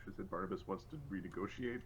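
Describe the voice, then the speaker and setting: A man's voice: deep voice, fast. A man chatting and joking as a player at a tabletop game. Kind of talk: casual game chat. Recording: dull, muffled mic.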